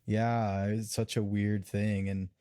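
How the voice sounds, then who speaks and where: A man's voice: on the low side, level tone, takes it slowly, dark tone, smooth. A man hosting a podcast, chatting casually with guests in a loose, rambling way with many fillers. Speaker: podcast host. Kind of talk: casual group chat.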